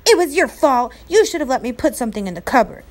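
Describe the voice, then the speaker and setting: A woman reading aloud and voicing a headstrong, excitable young boy, high and quick.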